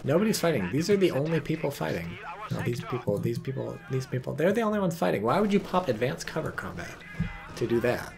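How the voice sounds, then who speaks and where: A man's voice: medium pitch, big pitch swings, fast, gravelly, crowd noise. A man giving casual, profane, sarcastic commentary on a strategy game replay and reading viewer chat aloud.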